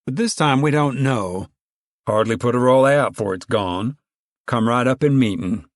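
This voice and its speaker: A man's voice: mid-range voice, a little slow, dry recording, pitched above the performer's own voice, lightly acted. Male reader plays bossy rural woman chairing committee; stern, drawling, dry close read.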